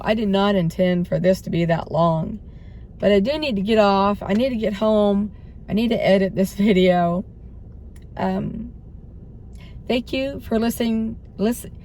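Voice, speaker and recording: A hoarse middle-aged woman vlogging in a rambling, self-doubting way, laughing between thoughts and often trailing off. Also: mid-range voice, dark tone, a little hiss or hum. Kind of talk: rambling spiritual vlog chat.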